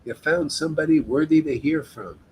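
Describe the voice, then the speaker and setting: A man's voice: on the high side, fairly quick, a little mellow, slight background noise, poor audio. A man leading a devotional meetup, giving an informal spiritual talk in an emphatic, exhorting way and often addressing listeners as "man".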